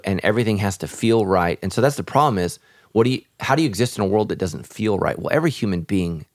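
A man's voice: low voice, no room sound, clean studio sound. A man, a pastor, speaking earnestly and reflectively in a podcast conversation about faith.

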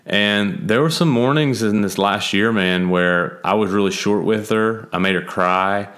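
Man in his thirties, slightly low voice, candid storyteller in easy conversation. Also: unhurried, a bit bright. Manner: candid storytelling with frequent "like" fillers. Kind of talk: casual conversation.

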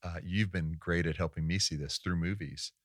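A man co-hosting a podcast, soft-spoken and thoughtful, adding quiet reflections to a casual conversation. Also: deep voice, moderate pace, no room sound, clean studio sound. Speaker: podcast co-host.

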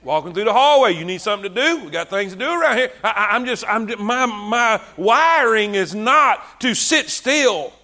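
A male preacher delivers a fervent sermon in a high, bright voice. He talks conversationally and repeats phrases to drive his points home. His delivery is loose, with frequent restarts as he gathers momentum. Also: lively intonation, normal speed, hardly any pauses.

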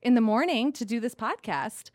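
A woman's voice: a little high, animated, normal speed, no echo. Woman, 30s, podcast co-host and interviewer, easy laughs, dry close mic. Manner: warm, laughing, frequent mm-hmms. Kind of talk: casual chat.

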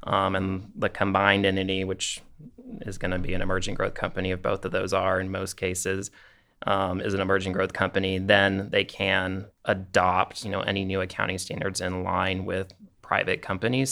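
A man explaining technical accounting rules on a podcast, steady and methodical, with frequent filler phrases. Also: low voice, creaky. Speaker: accounting expert guest.

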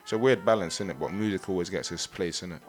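A young man talks quickly in a relaxed, easygoing way, ending almost every phrase with "innit". His voice sits fairly low. Faint music plays underneath. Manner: laid-back, tags nearly every phrase with "innit". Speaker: musician and guest. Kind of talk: casual interview chat.

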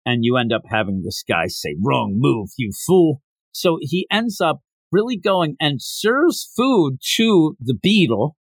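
A man's voice: unhurried, few pauses, dry recording. A man co-hosting a manga review podcast, casually retelling a story and acting out the characters' lines. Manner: animated retelling, acting out quotes with raised pitch. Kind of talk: casual chat.

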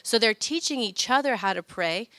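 A woman's voice: on the high side, expressive, normal speed, sharp tone, no room sound. A woman in her thirties giving a chatty faith talk about family prayer, full of personal stories and fillers. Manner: chatty storytelling, many fillers.

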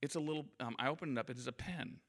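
A man's voice: medium pitch, rapid-fire, fairly bright tone. A man giving an anecdotal motivational talk in front of a live audience, in a conversational, self-deprecating storytelling manner. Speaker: guest speaker.

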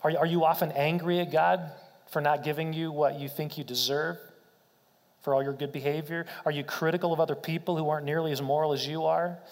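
A man's voice: a little high, fairly even intonation, brisk, long reverb tail. A man preaching a sermon in an earnest way, asking rhetorical questions and often restarting his words. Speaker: pastor.

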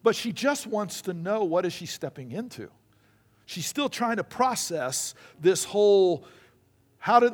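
A male pastor preaching a sermon, telling stories and acting out the people in them. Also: high-pitched. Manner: storytelling preacher acting out quoted voices.

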